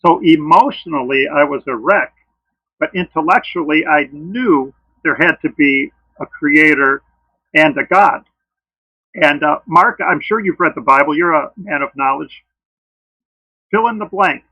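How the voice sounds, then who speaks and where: A man with a gravelly voice arguing for creation in a friendly debate, telling earnest personal stories. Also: fairly high pitch, unhurried, bright, forceful tone, dry recording. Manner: earnest, tells personal stories, says pissed off. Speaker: creationist speaker. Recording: dull lo-fi dry sound.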